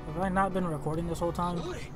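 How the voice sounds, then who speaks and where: A young man giving let's play commentary on a video game, excitable and reactive, often exclaiming and swearing. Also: high-pitched, fast. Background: game music.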